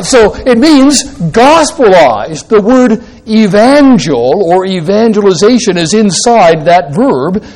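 A male pastor teaches through rhetorical questions and wry asides in his sermon, swinging between loud emphasis and quiet, low drops.

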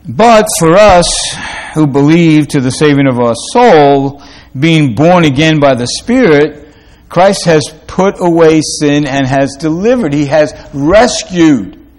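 A pastor preaching a sermon, asking rhetorical questions and rising to emphatic peaks, with quick asides between slow, stressed phrases. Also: male voice, a little high, lively intonation, darkish tone.

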